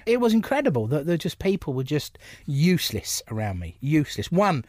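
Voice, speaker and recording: A man's voice: fairly high pitch, very animated, brisk, a little mellow, no room sound. A man, a stand-up comedian, telling stories in an interview in a blunt, jokey way and acting out other people's lines. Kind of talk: casual interview storytelling.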